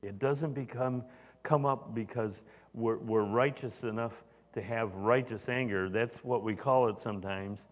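A man preaches a sermon as a pastor, speaking conversationally with frequent fillers and restarts. His medium-pitched voice is unhurried, and the recording carries the long reverb of a large hall.

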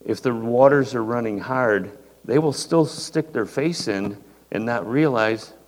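Preaching in a church hall, this older male pastor has a medium-pitched voice and an unhurried delivery. His sermon feels folksy and conversational, and the hall's echo carries along with some faint noise.

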